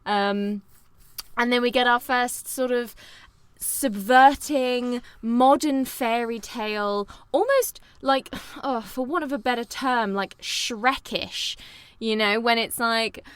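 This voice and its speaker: Brief: woman co-host, rambling and animated, a bit high, close dry mic. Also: slow, smooth, dry recording. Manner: animated, rambling, full of fillers. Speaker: podcast co-host. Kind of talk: casual chat.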